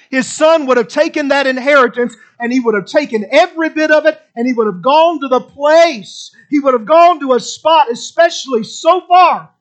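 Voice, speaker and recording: A man's voice: very high-pitched, a bit bright. A middle-aged man preaching a sermon with impassioned, repetitive emphasis.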